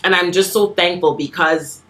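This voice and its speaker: Woman, 30s, podcast guest, low voice, earnest and animated, laughs easily. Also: moderate pace. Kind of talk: casual chat.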